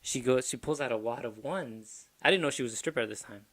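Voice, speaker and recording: A man's voice: mid-range voice, fast talker, fairly bright tone. A man hosting a casual podcast, spinning a crude anecdote with plenty of rambling detours. He laughs at his own jokes as he goes, loose and unpolished. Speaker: podcast co-host. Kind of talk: casual comedic storytelling.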